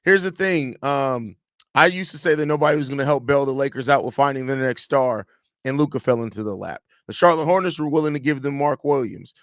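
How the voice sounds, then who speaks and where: Man, live show host, mid-pitched, animated and teasing, dry close mic. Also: fairly quick, no room sound. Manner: animated, teasing, talks straight to viewers. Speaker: podcast host. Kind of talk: live show reading and answering chat.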